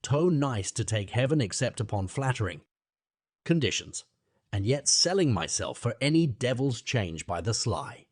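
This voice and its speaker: A man voicing a passionate young man, furious and wounded, whose words burst out with a sharp edge, in an audiobook reading. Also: medium pitch, very animated, moderate pace, no room sound, clean studio sound. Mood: bitter.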